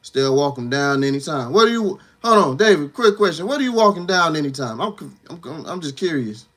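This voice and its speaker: A man's voice: a little high, very animated, a little fast, fairly bright tone. A man speaking hosts a casual livestream. His talk is loose and slangy, full of fillers, and he pushes a viewer with teasing, confrontational questions. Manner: loose slangy talk, frequent "you know what I'm saying". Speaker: livestream host.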